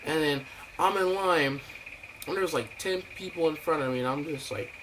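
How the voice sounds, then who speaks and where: A man's voice: a little high, moderate pace. A young man telling a rambling, profane story in a ranting vlog, full of fillers and acted-out quotes. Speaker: vlogger. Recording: noisy home recording.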